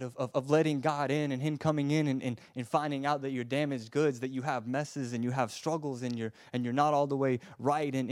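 A man delivers a heartfelt sermon at a medium pitch. He drops to a near hush, then rises to loud emphatic pleas, and he stumbles over repeated words when stirred. The sound is dry and close, with no room echo. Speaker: preacher.

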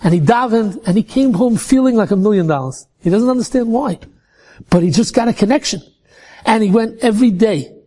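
A man telling a religious story in an animated way, often repeating words as he restarts. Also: high voice, a little fast, slightly rough.

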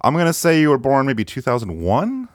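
A man hosting a podcast in a casual, comedic chat, playful and quick to laugh. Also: mid-range voice, wildly swooping pitch, no room sound. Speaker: podcast host. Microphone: remote call.

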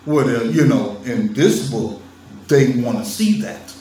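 A man's voice: medium pitch, measured pace, warm tone, slight background noise. A man talking straight to his viewers in a casual monologue, emphatic and teasing, laughing often. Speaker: vlogger lecturing on religion. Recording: roomy sound from a distant mic with faint ambience.

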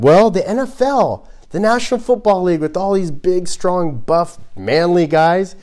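Male pastor, conversational preaching, animated, acts out examples. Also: sits high, measured pace, few pauses. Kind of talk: sermon.

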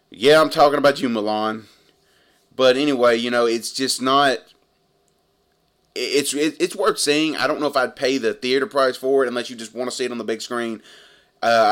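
A man's voice: mid-range voice, fairly bright tone. Earnest man rambling through a movie review. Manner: earnest, rambling, repeats himself. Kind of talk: casual review vlog.

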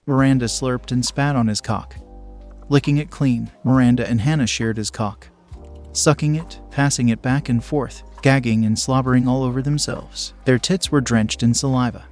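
A man narrating an erotic story in a steady, unhurried reading. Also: medium pitch.

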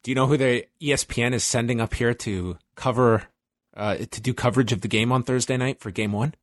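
A man hosting a podcast in casual chat, with a dry, deadpan teasing manner. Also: mid-range voice, brisk, no echo. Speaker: podcast host.

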